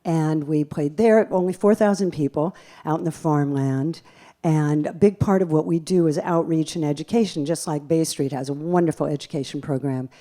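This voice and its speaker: A woman pianist and bandleader telling lively, self-deprecating stories from a theater stage into a stage microphone between songs. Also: low voice, normal speed. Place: theater stage at a live concert.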